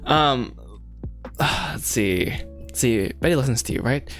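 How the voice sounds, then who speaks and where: A man's voice: medium pitch, lively intonation, takes it slowly, fairly bright tone, soft background music. A young man chatting casually on a livestream while writing a script, rambling, laughing often and joking at his own expense. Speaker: livestreaming writer.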